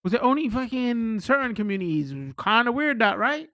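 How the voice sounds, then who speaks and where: A British man chatting casually on a live stream, rambling and excitable, swearing freely as he talks to his chat. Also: very high-pitched, fairly quick, dry recording, clean studio sound.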